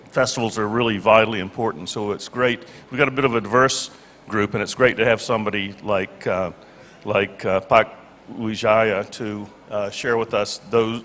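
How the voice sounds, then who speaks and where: A man's voice: lowish voice, fairly bright tone, slight background noise. A man moderating a conference panel, talking with many fillers and restarts. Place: large conference hall. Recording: echoey conference hall PA.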